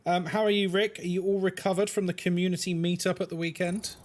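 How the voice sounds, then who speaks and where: A man's voice: high voice, little pitch movement, fast talker, slight background noise. A man hosting a casual game live stream, joking and laughing with his chat. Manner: playful, joking, laughs often.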